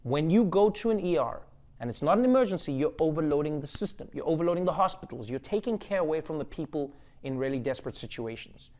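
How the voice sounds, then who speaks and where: A man hosting a comedy show from home, delivering a casual, playful monologue with sudden loud jumps. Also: fairly high pitch, expressive, quick pace. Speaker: late-night comedy host.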